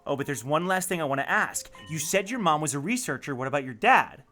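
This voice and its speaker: A man's voice: on the high side, animated, quick pace, bright, forceful tone, soft background music. A man voicing a curious, determined teenage boy student, reading game dialogue aloud with pointed questions. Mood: probing.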